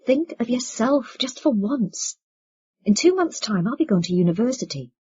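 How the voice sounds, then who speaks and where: An agitated eighteen-year-old son, read by a woman, pressing his mother with urgent, pleading insistence. The voice is husky. The recording sounds dull and lo-fi. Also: a little high, big pitch swings, normal speed, a little mellow, dry recording, exaggerated voice.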